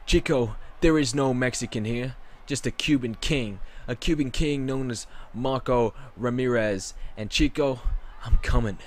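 A man voicing a boastful male wrestler who calls himself a king and taunts his rival in a loud promo style. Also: medium pitch, unhurried, few pauses, natural voice. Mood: taunting.

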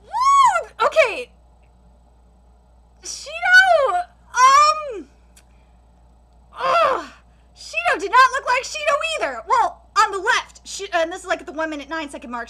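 A woman hosting a live anime reaction video, excitable, gushing and ranting by turns and swearing freely. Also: extremely high pitch, fairly quick, few pauses.

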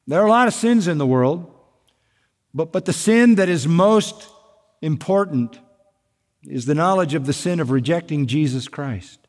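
A man preaching a sermon as pastor, emphatic, slowing down to stress key points. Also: on the high side, expressive. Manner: emphatic preaching, slows down for weight. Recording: long hall reverb.

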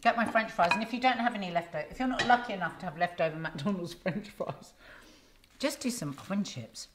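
A middle-aged woman hosts a cooking demonstration in her home kitchen, chatting affectionately at a brisk pace in a medium-pitched voice. The kitchen is noisy with the sounds of frying and sizzling.

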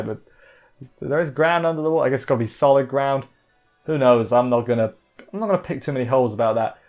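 A man's voice: mid-range voice, highs cut off. A man giving a rambling, casual anime episode recap on a live stream, full of jokey asides. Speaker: anime reviewer.

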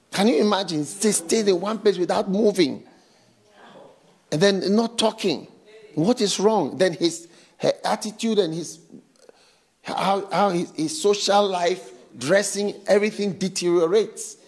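A man with a high voice preaches at a slow, deliberate pace. He gives a church sermon, stressing his words and dropping in repeated call-outs as he talks to the congregation. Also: gravelly, slightly rough. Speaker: pastor.

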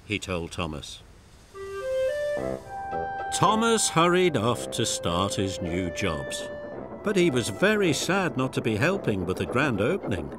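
A man narrating a children's story in a gentle, expressive way. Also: mid-range voice, a little slow, long pauses, over music.

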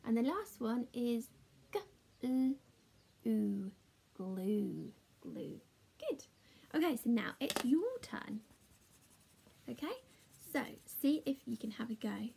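Slow, gravelly-voiced woman teaching phonics. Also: a little high, very animated, a little mellow. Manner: slow, sing-song and encouraging, talking to a puppet. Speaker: primary school teacher. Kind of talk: children's phonics lesson.

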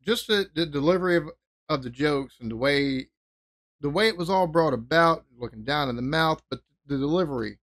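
A man's voice: on the high side, lively intonation, a little fast, a bit bright. A man hosting a reaction video, chatting casually and laughing along. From United States. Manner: laughing, drawling and amused.

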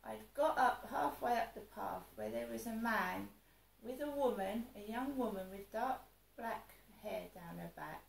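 A woman's voice: fairly high pitch, expressive, a little slow, vocal fry, few pauses, echoey room, rough recording. A woman telling a rambling personal story, upset and venting, with frequent restarts. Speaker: vlogger.

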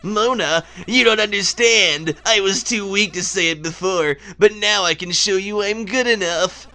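A man's voice: high voice, unhurried, sharp tone, full character voice, poor audio. A man voicing a determined male alchemist knight from a game, reading its dialogue aloud in a dramatic voice. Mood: earnest.

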